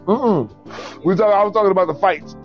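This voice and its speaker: A man in casual chat about fights, animated and profane, often acting out quotes. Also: sits high, normal speed, lo-fi sound, soft background music.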